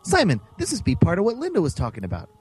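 A man voicing an excitable, wisecracking boy sidekick in a high, squeaky voice, reading a storybook aloud. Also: fast, breathy edge, exaggerated voice. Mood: urgent. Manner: squeaky, jumpy, high-pitched outbursts.

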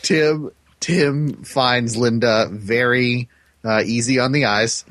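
A man's voice: mid-range voice, fairly even intonation, slow, a bit bright, no echo, clean studio sound. A man co-hosting, casually recapping a story with laughter and filler words. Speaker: co-host.

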